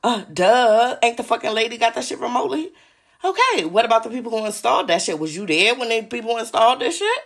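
A woman's voice: fairly high pitch, sing-song, fast, gravelly. Agitated, profane woman ranting solo. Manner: profane, agitated, addresses listeners directly. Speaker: podcast host. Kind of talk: solo podcast rant.

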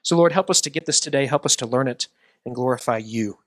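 A man's voice: medium pitch, fast talker, no echo. A middle-aged male pastor preaching a sermon, talking conversationally and self-deprecatingly before an earnest prayer.

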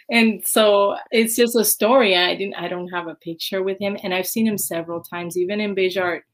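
A woman's voice: medium pitch, steady tone, moderate pace, hardly any pauses. A woman, a ballet dancer, chatting as an interview guest and acting out her own past reactions with lots of fillers. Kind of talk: casual interview storytelling.

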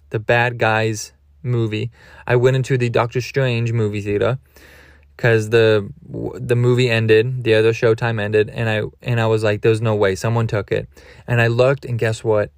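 A man's voice: mid-range voice, no room sound, clean studio sound. A man hosting a podcast, telling crude, goofy, rambling stories. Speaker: podcast host. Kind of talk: rambling comedic monologue.

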